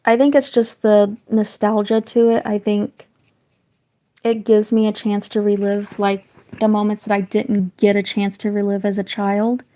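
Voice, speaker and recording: A slightly hoarse woman with a raspy voice, a parent chatting casually and rambling on a livestream while she colours, hedging her words as she goes. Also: mid-range voice, warm tone. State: slightly hoarse, getting sick. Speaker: livestreaming artist.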